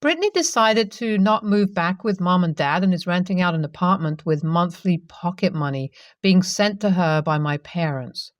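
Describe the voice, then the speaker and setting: A woman reading a first-person story as scripted narration, in a steady, even way. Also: lowish voice, moderate pace, few pauses, no room sound, clean studio sound.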